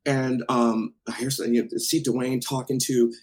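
A man casually telling a story from his past, animated and acting out what people said, with some swearing. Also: mid-range voice, moderate pace, poor audio. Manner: animated, acts out quotes, swears.

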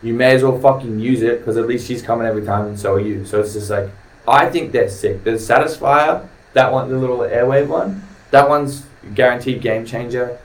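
A man's voice: mid-range voice, a little fast. A young man with an Australian accent, a podcast guest chatting casually in a loose, joking, crude way full of fillers. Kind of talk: casual chat. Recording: roomy, distant mic with faint noise.

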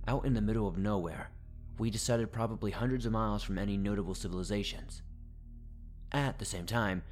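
A man with a low, dark and mellow voice reads a first-person horror story aloud. His telling is tense and dramatic, building dread line by line, with faint music under him.

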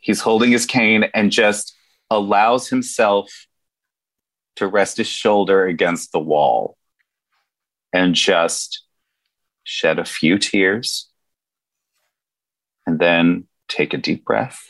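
A man narrating his own character in a tabletop game, with slow, halting, in-character narration. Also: sits low, fairly even intonation, a bit bright. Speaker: player.

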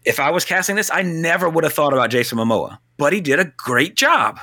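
A man co-hosting a casual film talk, blunt and animated, swearing now and then. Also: fairly high pitch, a little fast, husky. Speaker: podcast co-host.

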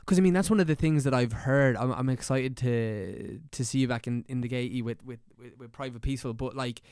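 Smooth-voiced male host. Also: medium pitch, a little fast, a little mellow, no echo, clean studio sound. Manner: easygoing, scattered, many brief backchannels. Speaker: podcast host. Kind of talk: casual interview chat.

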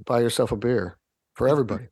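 A podcast guest, a man from the United States, tells wry anecdotes in an animated way. His voice has a gravelly, creaky texture at a medium pitch. The recording is dry and close. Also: fast, dry recording. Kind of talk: anecdotal storytelling in interview.

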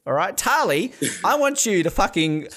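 An Australian man hosting a casual chat, excitable and swearing, bursting into shouts and laughter. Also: high voice, moderate pace. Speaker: podcast host. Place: hotel room.

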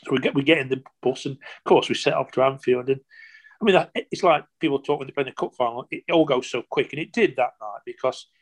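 A man in his sixties, a former footballer, telling stories casually in an interview, animated and rambling with lots of "you know" and restarts. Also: medium pitch, fast talker. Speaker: former professional footballer, guest.

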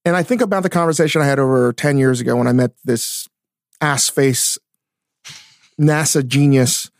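A man co-hosting a casual podcast, talking in an animated way, swearing often and restarting his sentences. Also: medium pitch, normal speed, vocal fry, no room sound, studio quality. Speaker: podcast co-host, chef. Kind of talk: casual chat. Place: studio.

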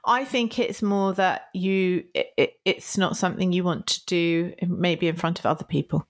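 A woman's voice: lowish voice, normal speed. A woman co-hosting a podcast in casual chat, laughing often and acting out apologetic quotes. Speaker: podcast co-host.

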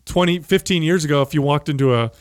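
A man's voice: fairly high pitch, fast talker, smooth, no room sound, clean studio sound. A male host talking in casual conversation, reflective and blunt, with casual swearing. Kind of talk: casual chat.

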